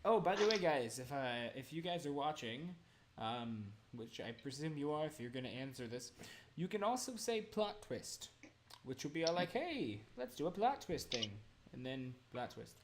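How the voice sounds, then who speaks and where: A man's voice: a little high, big pitch swings, moderate pace, a little hiss or hum. A man playing a tabletop game on a live stream, joking and rambling as he talks to the others and the audience. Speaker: player. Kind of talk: casual chat on a live stream.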